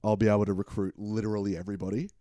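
A laid-back Australian man with a lowish, mellow voice, talking about games in a loose, swear-heavy way. The sound is close and dry, with no room around it. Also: little pitch movement, racing, no echo. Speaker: podcast co-host. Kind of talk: casual gaming chat.

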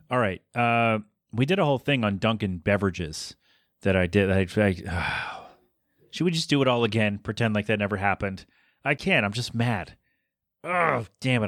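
A man's voice: mid-range voice, animated, normal speed, fairly bright tone, dry recording, studio quality. A man hosting a solo podcast, rambling and self-deprecating as he rants about small annoyances. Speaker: podcast host.

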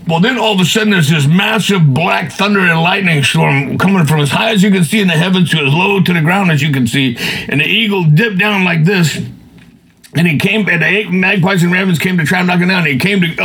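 A man with a fairly high, gravelly voice and a husky edge tells a long story in a loose, folksy manner. He rambles and keeps dropping "man" and "you know" as he goes. The telling is casual and conversational. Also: a little fast, a bit bright, poor audio.

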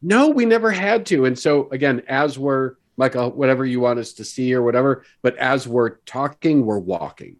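A man's voice: medium pitch, expressive, moderate pace, few pauses. A man playing a tabletop role-playing game, describing his character's actions. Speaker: player.

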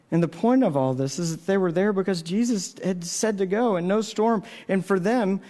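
Earnest man preaching, higher voice. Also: expressive, brisk, few pauses, warm tone. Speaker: pastor. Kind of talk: sermon.

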